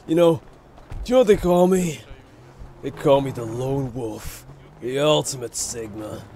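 A man trolling other players in character during game roleplay, loud and taunting with roaring outbursts. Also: mid-range voice, measured pace.

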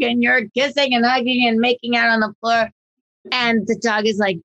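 Lively lady talking dog training on a podcast, high-ish voice, does silly voices. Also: moderate pace, lo-fi sound. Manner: animated, acts out dog and owner voices. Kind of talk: casual podcast chat.

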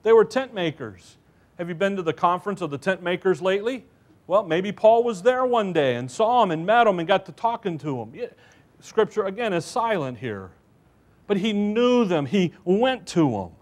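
A man's voice: high-pitched, big pitch swings, normal speed. A man preaching a church sermon in a folksy storytelling way, with asides to the listeners.

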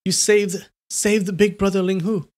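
A shy young nun speaks in a soft, raised voice that shakes a little, as a man reading a novel puts her on. She sounds gentle and unsure. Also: high voice, level tone, normal speed, pitched above the performer's own voice, lightly acted. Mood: tearful.

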